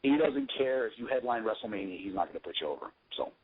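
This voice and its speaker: A man's voice: on the low side, sing-song, quick pace, slightly rough. A man, a pro wrestler guest, telling casual stories in a rambling, profane, jokey way. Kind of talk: casual storytelling. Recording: tinny phone line.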